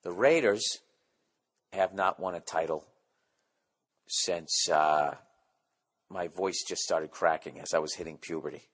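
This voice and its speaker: A man's voice: low-pitched, a little slow, long pauses. A man in his forties hosting a podcast, rambling through a casual comedic monologue with profane, sarcastic rants. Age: 40s. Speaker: podcast host.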